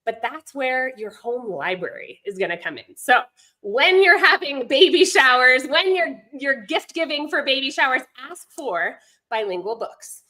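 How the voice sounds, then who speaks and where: Woman, podcast guest, bright tone, chatty, rambling asides. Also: sits high, animated, measured pace. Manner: chatty, digresses, many fillers. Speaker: guest, homeschooling mom and language instructor. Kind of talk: conversational podcast interview.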